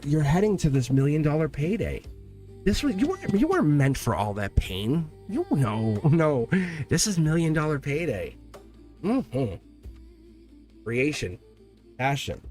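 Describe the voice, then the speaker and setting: A middle-aged man giving an earnest, animated live tarot reading, addressing the viewer directly and often breaking off mid-sentence. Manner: earnest and animated, swinging pitch, frequent laughs and self-interruptions. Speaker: tarot reader.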